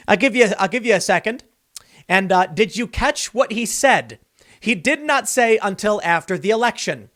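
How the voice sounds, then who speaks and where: A man delivering an opinionated, sarcastic political commentary monologue, now and then mocking people in shrill impressions. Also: normal speed. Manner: animated, sarcastic, mocks others with shrill impressions.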